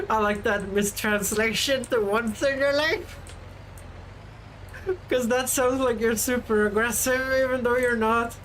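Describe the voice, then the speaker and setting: A woman's voice: a little high, takes it slowly, long pauses, slight background noise. A woman from Sweden chatting casually and joking with her viewers while she plays a game. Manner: joking, rambling, teasing chat. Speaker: game streamer.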